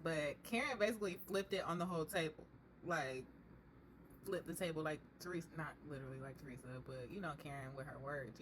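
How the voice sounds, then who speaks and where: A young woman chatting casually as she recaps a reality show, telling it in a lively way and slipping into other people's voices. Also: on the low side, a little hiss or hum. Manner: chatty, animated retelling with quoted voices.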